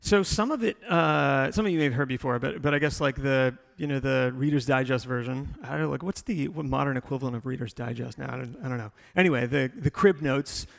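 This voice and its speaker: Gravelly middle-aged man, rambling. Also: medium pitch, a little fast, hardly any pauses, in a large hall. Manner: rambling, many fillers and restarts, storytelling. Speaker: tech company executive guest.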